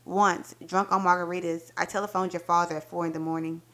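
A woman with a fairly low voice reads a short story aloud as a dramatic performance. She tells it in an intimate, expressive first-person voice. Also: a little fast. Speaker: book reviewer reading a story aloud.

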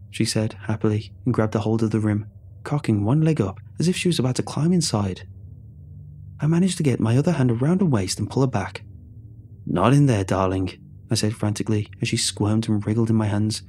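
A man reading a horror story aloud in a measured, somber way. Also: on the low side, mellow, slight background noise. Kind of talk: scripted horror narration.

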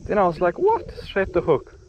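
A young Zimbabwean man vlogs his own fishing trip at a small dam, excitedly swinging between loud exclamations and quiet murmurs. His voice is medium in pitch at a moderate pace, and the dull outdoor recording carries a faint background hiss.

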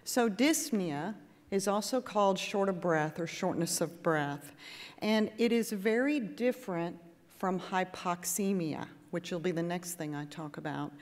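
A woman nurse practitioner giving a lively, conversational lecture to a patient audience and acting out exchanges with patients. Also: lowish voice, measured pace. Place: conference hall with audience. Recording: echoey hall.

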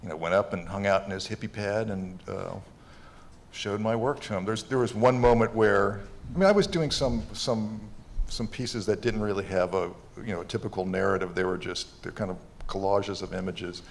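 A man, a comics artist on a convention panel, reminiscing with halting, restarted sentences. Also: on the low side, creaky, a little hiss or hum. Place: convention stage before an audience.

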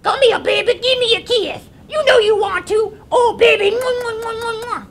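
A man's voice: very high voice, moderate pace, fairly bright tone, pitched above the performer's own voice. A man voicing a flirty, big-lipped puppet with a put-on Southern drawl, coaxing and smooching.

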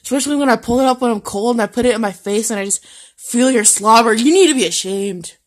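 A young woman vlogging casually, talking to her dog and rambling, swinging from mutters and whispers to sudden loud shouts. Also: fairly high pitch, steady tone, quick pace. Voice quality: husky.

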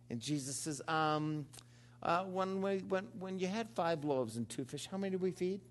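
A man in his fifties preaching a sermon, calling on the congregation to respond, dropping to low murmurs and rising to loud, high exclamations. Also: normal speed. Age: 50s. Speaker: pastor.

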